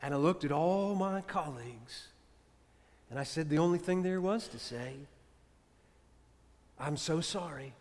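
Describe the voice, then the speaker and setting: A man preaching a sermon as a priest, telling a story with dramatic swings from loud to hushed. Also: fairly high pitch, normal speed. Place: church. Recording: reverberant church hall.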